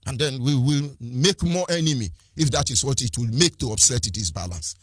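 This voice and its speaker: Fiery Nigerian man with a husky voice. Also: mid-range voice, expressive, moderate pace, no room sound, clean studio sound. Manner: fiery, rhetorical, repeats phrases, switches into Igbo and Pidgin. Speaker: activist speaker. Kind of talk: impassioned political address.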